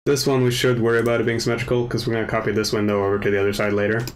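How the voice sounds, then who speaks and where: Man muttering through a casual software tutorial. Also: lowish voice, racing, a little hiss or hum. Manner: relaxed, self-mocking, mutters to himself while working. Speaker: tutorial host. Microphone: desk microphone with gain set too high. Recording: overdriven mic with faint keyboard clicks.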